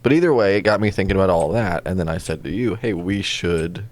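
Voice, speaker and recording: Man, very deep voice, casual podcast co-host, dry joking, wanders off on tangents. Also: animated, rapid-fire, a little mellow. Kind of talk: casual chat over gameplay.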